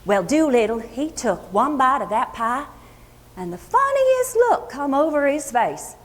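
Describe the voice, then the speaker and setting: Actress as a high-voiced Kentucky hill-country singer, folksy and chatty, Appalachian accent, echoey hall. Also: female voice, big pitch swings. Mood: reminiscing. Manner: folksy, chatty, unhurried storytelling. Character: homespun Kentucky country singer woman, plainspoken, fond storyteller. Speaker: actress in a historical portrayal. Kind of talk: first-person historical monologue. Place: luncheon hall before an audience. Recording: echoey hall with long reverb.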